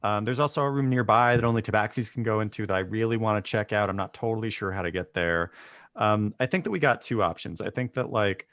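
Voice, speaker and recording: A man's voice: lowish voice, quick pace, fairly bright tone, no echo. A man playing a tabletop game, thinking aloud in a hesitant way. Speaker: player.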